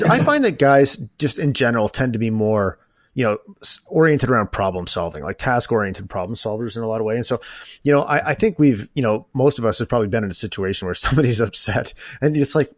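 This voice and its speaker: A man hosting his own podcast, chatting informally with jokes and lively asides. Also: medium pitch, quick pace, no echo. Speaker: podcast host. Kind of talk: casual interview chat.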